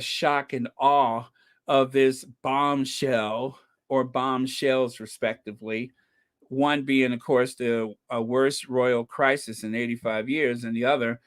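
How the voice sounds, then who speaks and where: Slow-talking man hosting a chatty podcast. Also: mid-range voice, clean tone. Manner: chatty, greets and thanks viewers from live chat; laughs often, wry asides. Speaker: podcast host. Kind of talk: casual commentary on live stream.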